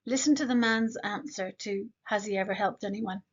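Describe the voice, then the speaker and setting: A woman with a medium-pitched voice, heard through dull audio, leads an English grammar lesson, modeling example sentences slowly and quizzing the learner with quick questions.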